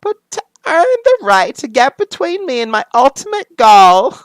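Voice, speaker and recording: Brief: a brash, taunting villainess, pitched high and loud, as a man puts her on. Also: very animated, normal speed, no echo. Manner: taunting, theatrical. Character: brash playful female supervillain.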